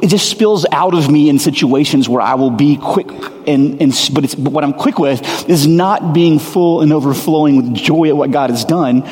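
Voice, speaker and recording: A man with a fairly high voice delivers a sermon, reading scripture and then talking it through in a candid, self-deprecating way. His voice carries a long reverb, as if it fills a large church sanctuary. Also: normal speed, darkish tone. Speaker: pastor.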